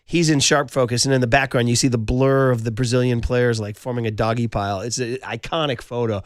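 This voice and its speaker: A man's voice: medium pitch, brisk, dry recording. A middle-aged man hosting sports talk radio in a studio, telling stories with lots of fillers. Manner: animated storytelling, frequent fillers.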